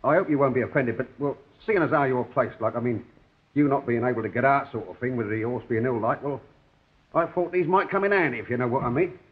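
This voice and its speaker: An actor doing a shy rag-and-bone man who stammers apologetically. He talks quickly in a mid-range voice. The sound is tinny and narrow, like an old 1960s TV broadcast. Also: medium pitch, natural voice. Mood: awkward. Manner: hesitant and stammering, many fillers. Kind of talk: 1960s television sitcom acting.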